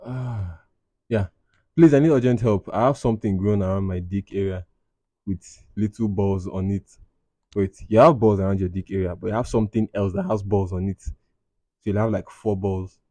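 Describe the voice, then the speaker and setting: A man's voice: on the low side, steady tone, moderate pace, mellow, no room sound. Dry-voiced Nigerian man, wry podcast host. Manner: wry, mocking asides with Pidgin phrases. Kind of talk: casual commentary reading out anonymous confessions.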